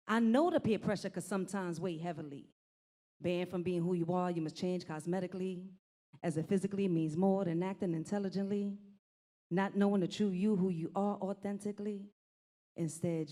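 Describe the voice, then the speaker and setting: A woman's voice: medium pitch, dark tone. A woman performing spoken word poetry in a rhythmic, rhyming delivery.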